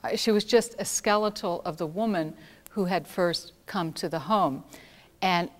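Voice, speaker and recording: A woman telling personal stories in an earnest, reflective way, pausing and restarting as she recalls them. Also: on the low side. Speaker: speaker recounting volunteer work. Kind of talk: personal storytelling talk. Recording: long hall reverb.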